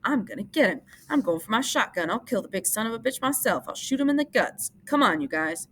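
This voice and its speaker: A woman's voice: a little high, animated, a little fast, a bit bright, slight background noise, voice pushed up. A woman voicing a furious, hot-headed young man who pushes his lines hard.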